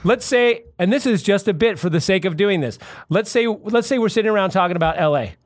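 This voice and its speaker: A man's voice: sits high, animated, a little fast. A man arguing heatedly in a casual podcast debate, acting out quotes. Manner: argumentative, acts out quotes in character voices.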